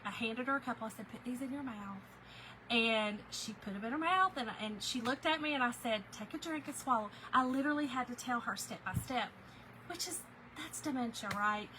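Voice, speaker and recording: Woman, livestream host, bright forceful voice, shaken and confiding, faint hiss behind. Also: a little high, low-quality recording. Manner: emotional, confiding, says "y'all" often. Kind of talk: casual livestream chat.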